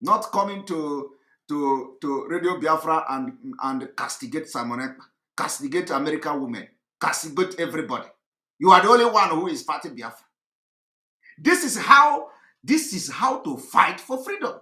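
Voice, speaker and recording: A man delivering an impassioned, mocking monologue, often shouting and repeating himself. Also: a little high, big pitch swings, moderate pace, reverberant. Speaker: commentator.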